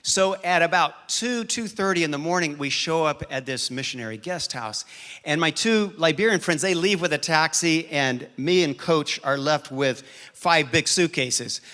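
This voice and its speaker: Male pastor, fairly high and bright voice, lively storyteller in a sermon. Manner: animated storyteller, quick shifts in pace and loudness.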